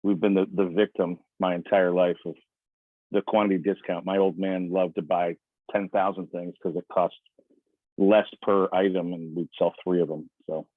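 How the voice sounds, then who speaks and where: Man, sales trainer, lowish voice, acts out quotes, tinny phone-like sound, dry. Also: flat delivery, normal speed, no echo. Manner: conversational, acts out quoted speech in other voices. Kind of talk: coaching talk on a video call.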